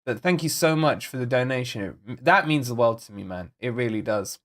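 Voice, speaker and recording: A man's voice: mid-range voice, expressive, a little fast, fairly bright tone. A man hosting a live football watch-along, chatting casually to viewers, rambling and repeating himself as he frets over the team and reads out chat messages. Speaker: fan channel host.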